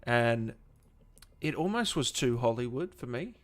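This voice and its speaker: Male gaming host, mid-range voice, chatty and excitable, casual live-stream delivery over a video call. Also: mid-range voice, unhurried. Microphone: home microphone on a video call.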